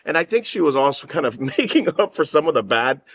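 A man co-hosts a casual chat in a fairly high voice that rises and falls a lot. He offers easygoing opinions and laughs often as he talks. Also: big pitch swings, fast talker. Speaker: co-host.

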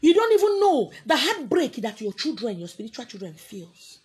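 A woman's voice: high voice, big pitch swings, moderate pace, slightly rough. A woman with a Nigerian accent, preaching as a spiritual teacher in a scolding, confrontational way. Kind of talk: preaching to an audience.

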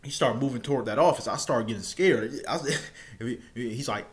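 A man telling a personal story in an easygoing vlog style. His voice sits at an ordinary middle pitch. He rambles, restarts phrases and repeats words as he talks. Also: moderate pace. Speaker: storytelling vlogger. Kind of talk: casual first-person storytime.

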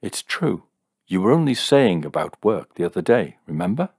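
A man voicing an eager, trusting woman in an audiobook story, awestruck and excited, with a low voice barely raised for her. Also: moderate pace, husky, no echo, clean studio sound, full character voice. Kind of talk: audiobook character voice.

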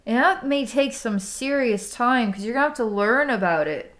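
A woman's voice: fairly high pitch, lively intonation, normal speed, a bit bright. Chatty woman giving an energy reading. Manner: casual and chatty, heavy use of "like", frequent laughs and sighs. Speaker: psychic healer. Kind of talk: energy healing session talk.

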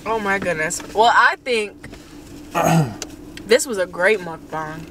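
A woman's voice: lowish voice, slow pace, very noisy. A young woman co-hosting a couple's mukbang vlog, talking bluntly and playfully about food from inside a car. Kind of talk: casual mukbang chat.

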